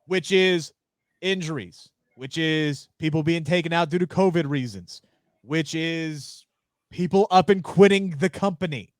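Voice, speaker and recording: A man co-hosting a casual wrestling podcast, opinionated and animated, swearing freely into a close mic. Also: fairly high pitch, measured pace, no room sound. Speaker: podcast co-host.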